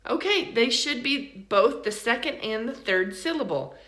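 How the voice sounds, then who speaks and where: A woman teaching English pronunciation in a recorded lesson, saying each example word slowly and then repeating it for learners. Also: medium pitch, lively intonation, fairly bright tone, echoey room. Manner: slow, deliberate, repeats model words for learners.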